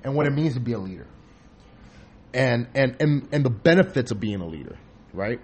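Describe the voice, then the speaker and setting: A man hosting a podcast in casual chat, rambling and profane, telling animated stories. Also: medium pitch, fairly quick, breathy edge, highs cut off. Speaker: podcast host.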